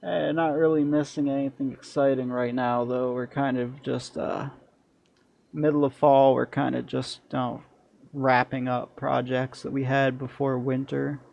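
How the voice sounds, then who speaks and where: A man's voice: mid-range voice, little pitch movement, a little slow, vocal fry, a little mellow, muffled recording. A man streaming a strategy game, muttering through his plans and chatting bluntly to viewers with crude humor. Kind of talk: casual gameplay commentary.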